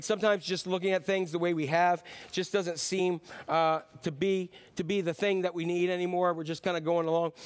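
A middle-aged pastor with a high voice preaching in a church. He talks in a loose, chatty way, piles up rhetorical questions and drifts into asides to the congregation. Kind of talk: sermon.

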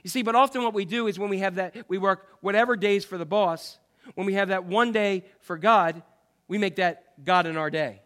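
Animated male pastor preaching. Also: high voice, normal speed. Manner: animated preaching, swinging from loud emphasis to quiet asides. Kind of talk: sermon.

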